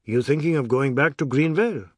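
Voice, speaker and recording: A man's voice: medium pitch, fairly quick, no room sound, clean studio sound, close to an everyday voice. A man voicing a blunt, matter-of-fact male family elder.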